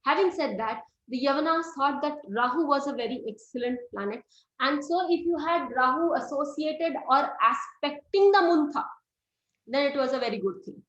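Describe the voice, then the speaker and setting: A middle-aged woman teaches a class in a fairly high voice. She walks through each point step by step and keeps putting questions to her students. The sound is roomy and a little dull. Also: animated, normal speed, a bit bright. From India. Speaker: astrology teacher. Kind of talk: classroom lecture. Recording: roomy, slightly dull recording.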